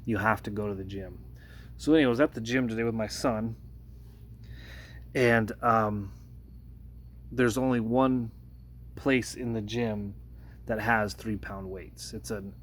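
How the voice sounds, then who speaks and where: Earnest low-voiced man telling a story. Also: slight background noise. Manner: earnest, hesitant, many restarts, rises in pitch when retelling the confrontation. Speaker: workplace de-escalator. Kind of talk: casual storytelling vlog.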